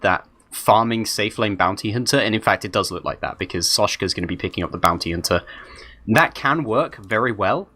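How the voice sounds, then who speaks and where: A man's voice: fairly low pitch, bright, forceful tone, no echo. A man doing live esports color commentary, conversational and analytical. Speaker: esports co-caster.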